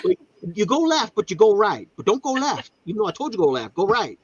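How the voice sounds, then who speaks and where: A man's voice: high voice, wildly swooping pitch, fairly quick, breathy edge, no echo, dull audio, voice pushed up, full character voice. A man putting on a rambling, drawling Appalachian local who gives contradictory road directions. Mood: muddled.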